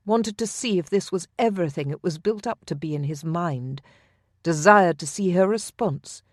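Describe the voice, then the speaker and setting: A woman narrating a historical romance audiobook in a smooth, expressive storytelling manner. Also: lowish voice, no room sound, studio quality.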